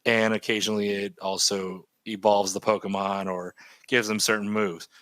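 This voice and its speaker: Low-voiced man in his thirties, rambling. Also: normal speed, no echo. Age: 30s. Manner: rambling, animated gamer talk. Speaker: podcast co-host. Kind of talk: casual chat. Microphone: remote call mic.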